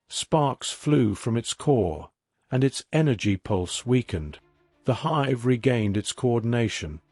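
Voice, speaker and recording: A man giving a scripted story narration in a measured, even reading. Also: medium pitch, no echo.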